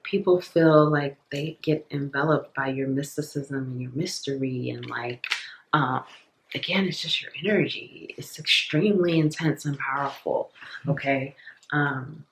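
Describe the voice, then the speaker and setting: A tarot reader chatting straight to viewers in a loose, rambling way, full of "like" and "you know", often repeating lines and tripping over words. The voice sits at a middling pitch. The sound bounces around a roomy space. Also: measured pace, a bit bright, slight background noise. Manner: rambling, filler-heavy, repeats itself. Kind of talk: casual tarot reading to viewers.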